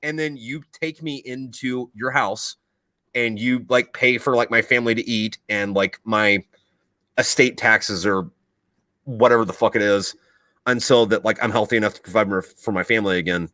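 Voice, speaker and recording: A man hosting a podcast who is a military veteran, telling profane, animated stories in casual chat. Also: fairly low pitch, normal speed, no echo.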